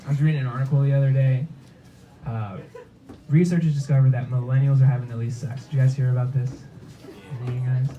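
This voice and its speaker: A young adult man performing a stand-up comedy set on a club stage, jumping into high-pitched voices for the characters in his stories. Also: steady tone, fast talker, dark tone, muffled recording. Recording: noisy club recording.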